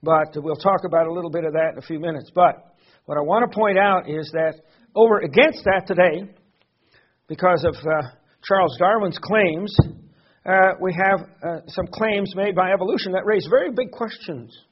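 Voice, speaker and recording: Male preacher, high husky voice, earnest teaching sermon, dull lo-fi recording. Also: moderate pace. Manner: earnest teaching with frequent fillers and repeated words.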